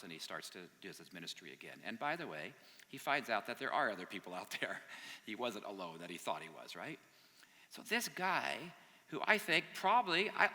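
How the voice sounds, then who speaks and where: Guy preaching to young adults, super bright tense voice, acting out the bible characters, big echoey hall. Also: medium pitch. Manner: animated, acts out the characters' lines, conversational asides. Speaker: youth pastor. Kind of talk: retelling a Bible story to a young adult group. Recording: long hall reverb.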